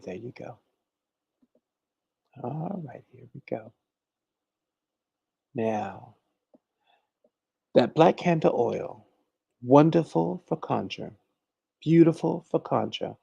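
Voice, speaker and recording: A man's voice: mid-range voice, animated, slow, creaky, long pauses, warm tone, slightly rough, dry recording, dull audio. A man hosting a casual livestream, chatting and teaching, greeting viewers by name and calling everyone honey. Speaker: livestream host and conjure teacher.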